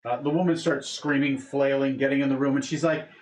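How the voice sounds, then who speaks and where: A man's voice: mid-range voice, little pitch movement, a little fast. A man narrating a tabletop role-playing game as game master, rambling with frequent fillers. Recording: echoey room with noise.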